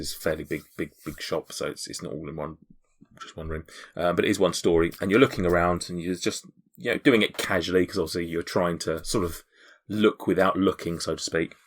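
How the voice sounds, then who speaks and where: A man running a tabletop game as game master, describing scenes in a rambling way with many pauses. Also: deep voice. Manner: rambling, with many ums and restarts.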